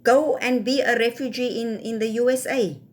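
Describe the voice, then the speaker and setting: A woman with a South African accent rants to camera in a casual vlog. Her voice sits fairly high, and she scolds and lectures with pointed rhetorical questions. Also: fairly even intonation, moderate pace. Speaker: vlogger.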